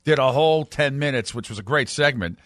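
Male sports radio co-host, casual storyteller, mid pitch, dry studio sound. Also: a little fast, fairly bright tone, dry recording. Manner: rambling storyteller, playful banter. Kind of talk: casual chat.

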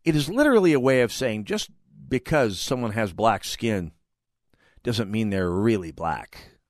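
Speaking at a measured pace in a lowish, animated voice, this man hosts a talk radio show from a studio mic with no echo. He offers opinionated takes with emphatic sarcasm and bursts of indignation.

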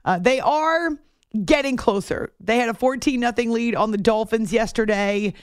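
A woman's voice: fairly high pitch, normal speed, clear, resonant tone, no room sound, studio quality. Chatty woman sports radio host. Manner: chatty, self-mocking, sarcastic asides. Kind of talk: casual sports talk radio. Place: radio studio. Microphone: studio microphone.

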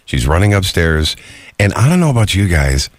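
A man's voice: deep voice, normal speed, dry recording. A man co-hosting a casual podcast, teasing his partner and chuckling as he talks. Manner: teasing, chuckling, lively narrator. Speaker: co-host. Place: home studio.

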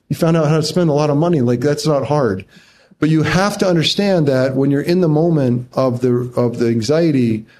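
With a warm, medium-pitched voice, a middle-aged interview guest tells a personal story full of emotion and false starts, his pitch leaping whenever he revisits the tense parts.

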